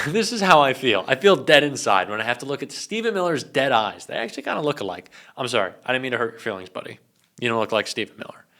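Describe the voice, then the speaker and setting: A man doing political commentary at a mid pitch. He reads out news items, then breaks into casual, profane rants. His tone is worn out and exasperated throughout. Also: fairly bright tone. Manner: reads news excerpts aloud, then riffs.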